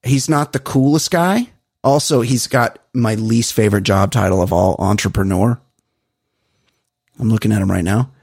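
A man co-hosting a podcast, telling stories in animated, profane casual chat. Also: fairly low pitch, normal speed, husky, no echo, studio quality. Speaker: podcast co-host.

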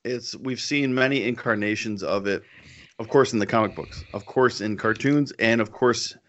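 A man with a low, bright, forceful voice co-hosts a casual podcast, animated and joking. He reads aloud with plenty of emphasis. The sound is dull and lo-fi. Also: moderate pace. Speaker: podcast co-host. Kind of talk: casual chat.

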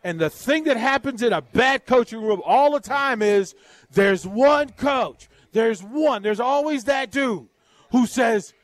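A man on a sports radio show, ranting in an animated, sarcastic, exasperated way with vivid comparisons. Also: very high voice, a little slow, dry recording. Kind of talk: fired-up sports talk.

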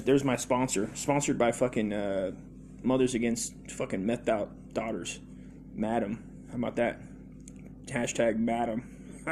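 A man's voice: mid-range voice, a little mellow, slight background noise. A man hosting a comedy podcast, rambling through a profane monologue full of fillers and restarts.

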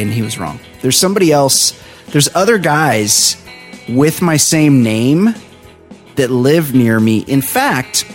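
Chatty male podcast host. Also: mid-range voice. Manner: rambling, animated storytelling with voices for friends. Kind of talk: casual chat.

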